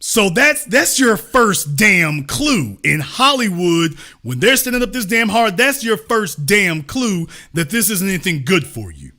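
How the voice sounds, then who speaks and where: Emphatic man, bright and animated. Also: sits high, a little slow, few pauses, faint music behind. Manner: emphatic, repetitive, preacher-like cadence; swears for emphasis. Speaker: host. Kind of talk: live-streamed commentary monologue.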